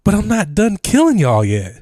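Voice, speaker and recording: A man's voice: high voice, huge pitch swings, moderate pace, darkish tone, no room sound, clean studio sound, pitched above the performer's own voice, heavily acted. A man voicing a smug, menacing coronavirus that taunts people in a mock-innocent way. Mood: taunting.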